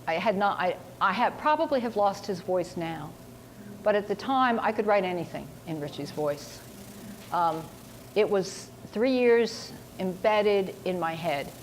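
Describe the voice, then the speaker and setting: A woman's voice: medium pitch, expressive, measured pace. A woman novelist answers questions at a university seminar in a loose, chatty way. She is wry and self-mocking and slips into little voices for the people she quotes. A faint hiss sits under the recording. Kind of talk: casual talk answering audience questions.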